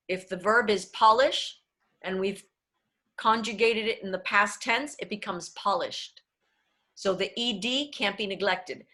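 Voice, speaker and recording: Bright-voiced woman coaching diction. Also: mid-range voice. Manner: explanatory, switches into Spanish phrases. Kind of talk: online workshop talk.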